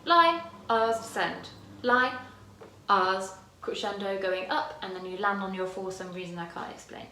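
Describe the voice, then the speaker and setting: A woman's voice: mid-range voice, level tone, moderate pace, hardly any pauses, sharp tone, reverberant, slight background noise. A woman choir director teaching parts by singing them, her voice tired today. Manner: demonstrates lines by singing, chatty and self-correcting. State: tired voice, using head voice.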